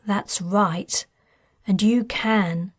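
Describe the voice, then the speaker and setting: A woman voicing a desperate mother searching for her lost children, who speaks in a hesitant, halting way, in an audiobook. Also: mid-range voice, husky, no room sound, studio quality. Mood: anxious.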